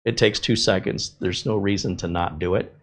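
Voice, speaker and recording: Low-voiced man chatting while building. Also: steady tone, normal speed. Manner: rambling, conversational, with fillers and tangents. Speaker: tech YouTuber building a PC. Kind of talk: casual chat while working.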